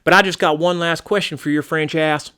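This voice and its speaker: A man's voice: fairly high pitch, steady tone, a little fast, bright, forceful tone, clear, resonant tone. A man playing a brash, gun-loving rural American man in a comedy sketch, blustering, crude and folksy. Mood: boastful.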